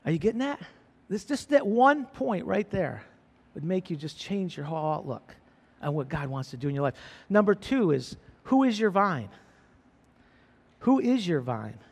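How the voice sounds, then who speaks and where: High-voiced fervent preacher in a reverberant hall. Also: male voice, big pitch swings, normal speed, vocal fry, husky. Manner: repetitive, rising to fervent emphasis. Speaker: pastor. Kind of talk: sermon.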